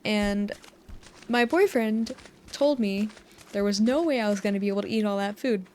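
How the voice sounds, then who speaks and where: Brief: chatty young American woman, mid-pitched, rambling gamer talk to fall asleep to, close mic, faint hiss. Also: moderate pace, darkish tone. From United States. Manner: chatty, giggly, meandering storytelling. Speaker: gaming YouTuber. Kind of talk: rambling sleep-time gameplay chat. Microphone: USB dynamic mic close up.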